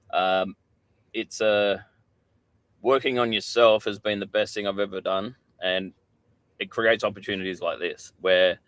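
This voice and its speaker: A man's voice: lowish voice, a bit bright, dry recording. A middle-aged Australian man, a podcast guest, telling candid stories in casual chat and swearing freely.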